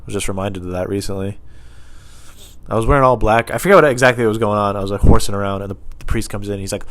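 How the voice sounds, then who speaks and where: A man's voice: fairly low pitch, steady tone, rapid-fire, fairly bright tone. A man comedian hosting a podcast, talking in a rambling, profane, self-mocking way with laughs.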